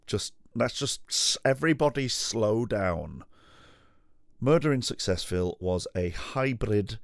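A man's voice: low voice, gravelly, a little mellow, dry recording, studio quality. A man hosting a podcast on his own, chatting casually at home in a sweary, self-mocking, rambling way. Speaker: podcast host. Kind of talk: casual chat.

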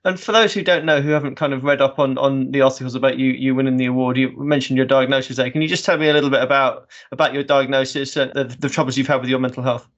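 Man, interviewer, quick talker, supportive questions, slightly muffled lo-fi sound. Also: medium pitch, fairly even intonation. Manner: supportive, rambling questions with restarts. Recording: slightly dull lo-fi audio.

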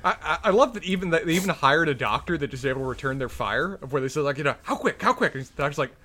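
A man co-hosting a podcast, chiming in with quick agreement while recapping a TV episode. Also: fairly high pitch, bright, forceful tone, slight background noise. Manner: quick interjections and eager agreement. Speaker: podcast co-host. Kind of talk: casual TV recap chat.

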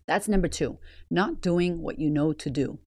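A woman's voice: deep voice, normal speed, a little mellow, husky, dry recording, clean studio sound. A woman hosting a motivational podcast, blunt, swearing freely and firing rhetorical questions at the listener. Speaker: podcast host.

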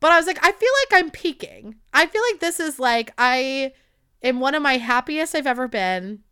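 A woman in her twenties telling a rambling, animated story in a casual monologue, swearing freely. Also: high-pitched, normal speed. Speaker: podcast host.

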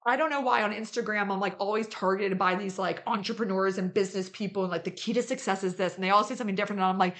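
A woman co-hosting a casual podcast, talking in a chatty, filler-heavy way and laughing often. Her pitch sits in a middling range. She sounds relaxed and conversational. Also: very fast, few pauses. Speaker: podcast co-host, bariatric surgeon.

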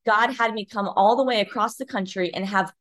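A woman's voice: medium pitch, brisk. A young woman, a podcast guest, telling a personal story and acting out other people's lines as she goes. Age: young adult. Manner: animated, acts out other people's voices in her stories.

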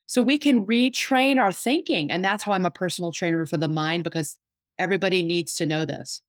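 A woman psychotherapist and life coach talking in a casual interview, animated and storytelling, acting out what others said. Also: lowish voice, a little fast, no echo. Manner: animated storyteller, acts out quoted voices.

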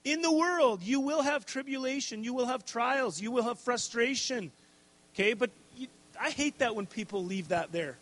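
A man's voice: extremely high pitch, lively intonation, normal speed, a bit bright. A man preaching a casual, conversational sermon, checking in with "okay?" and adding jokey asides. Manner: conversational, tags lines with "okay?" and "right?".

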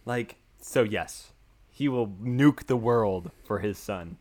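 A young man co-hosting a podcast, casually recapping a film in a rambling, excitable way and swearing freely. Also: lowish voice, takes it slowly. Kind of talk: casual chat.

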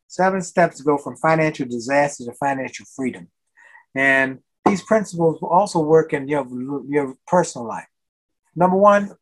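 An older man, a motivational speaker, giving a guest interview in a preachy way, repeating his key phrases for emphasis. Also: a little high. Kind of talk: energetic podcast interview.

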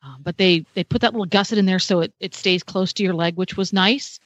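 A woman's voice: mid-range voice, a little fast, no room sound, muffled recording. A woman reviewing a product on a radio talk show, chatty and detailed, with self-deprecating humor.

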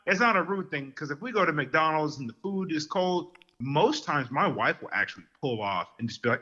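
A man telling lively stories in casual podcast chat, getting worked up as he goes. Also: a little high, normal speed, breathy edge, muffled recording. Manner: animated storyteller who gets worked up.

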